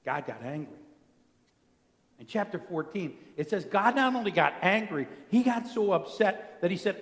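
A male pastor delivers a conversational sermon to his congregation. He asks them questions and sinks into a quiet intensity at key points. His slightly high voice rings with a long reverb in the church sanctuary. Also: sing-song, normal speed.

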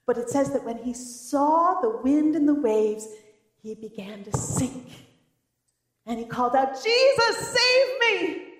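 A woman pastor preaching a sermon, telling the story in a lively, animated way. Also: fairly high pitch, a little slow. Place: church. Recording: roomy church echo.

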